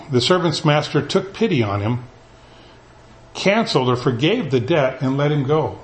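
A man's voice: a little high, moderate pace, a little hiss or hum. Conversational male pastor in an echoey church. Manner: conversational, animated, paraphrases scripture in everyday talk. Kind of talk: sermon. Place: church sanctuary.

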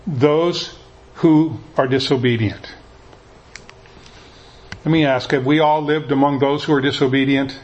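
A man's voice: a little high, poor audio. Man preaching a casual sermon. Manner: conversational preaching with frequent restarts. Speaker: pastor.

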